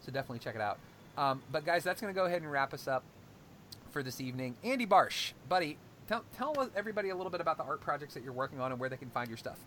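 A man's voice: a little high, expressive, very fast, sharp tone, a little hiss or hum. A man hosting a podcast in casual chat, loose and profane, laughing often. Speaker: podcast host.

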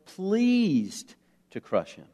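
A man's voice: high-pitched, wildly swooping pitch, extremely slow, mellow. A man from the United States preaching a sermon, earnest and emphatic, putting questions to the congregation, with fillers and restarts. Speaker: pastor.

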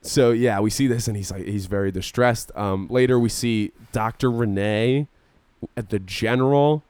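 Animated male podcast co-host. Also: fairly low pitch, normal speed, clear, resonant tone, no room sound. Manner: animated retelling, acting out characters' lines. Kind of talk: casual movie recap chat.

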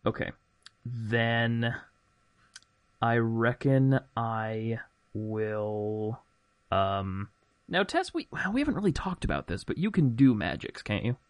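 Give me a man chatting through a tabletop game, medium pitch, dry and close. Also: very animated, slow pace, no room sound. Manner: chatty, rambling and self-amused. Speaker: player. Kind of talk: casual tabletop game play.

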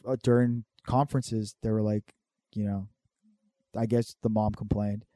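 A man's voice: lowish voice, flat delivery, unhurried, warm tone, dry recording, clean studio sound. A man in his thirties chatting casually as a co-host, telling rambling stories full of swearing and fillers. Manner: rambling, profane storytelling with lots of fillers. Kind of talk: casual chat.

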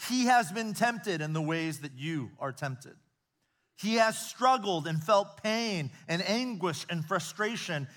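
A middle-aged preacher from the United States delivering a sermon in a church before a live audience. His voice sits a little high for a man and swings from emphatic declarations to hushed, confiding stories. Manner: earnest preacher, rising to emphatic peaks, dropping to soft confiding storytelling. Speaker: pastor.

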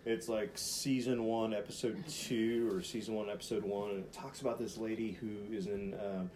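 Lowish-voiced and speaking at normal speed with a little hiss or hum behind him, this podcast co-host tells a story in casual conversation. It's rambling and animated, heavy on "like" and swearing, and he performs voices in his quotes.

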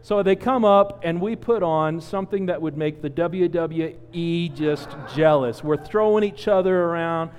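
A man in his forties preaching a sermon, telling a personal story with lively acted-out quotes. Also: on the high side, measured pace, hardly any pauses, clean tone, big-room sound. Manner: animated storyteller, acts out quotes. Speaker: pastor.

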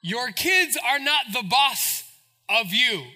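A pastor preaching a sermon in an animated, joking, storytelling way. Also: male voice, very high-pitched, slow pace.

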